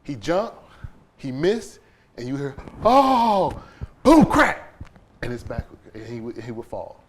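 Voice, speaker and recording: A man, a podcast guest, telling an emotional personal story in an animated way, acting out scenes with quoted voices and sound effects. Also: medium pitch, moderate pace, a little hiss or hum.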